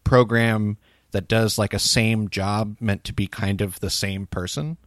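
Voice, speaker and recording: A man's voice: fairly low pitch, fairly even intonation, unhurried, no room sound, clean studio sound. A man co-hosting a casual podcast, thinking aloud hesitantly about a film. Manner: thoughtful, hesitant, lots of fillers. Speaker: podcast co-host.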